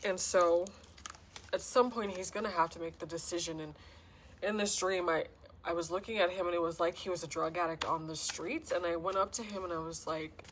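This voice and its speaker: A woman's voice: on the low side, fairly even intonation, fairly quick, a bit bright, a little hiss or hum. A woman giving a casual spiritual tarot reading to camera, talking in an earnest, heartfelt, rambling way. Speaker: tarot reader and self-described healer.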